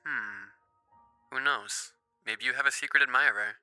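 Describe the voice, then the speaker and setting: A man voicing a giddy young woman, the narrator's sister, in a soft, hushed, bubbly way. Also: medium pitch, unhurried, no echo, soft background music.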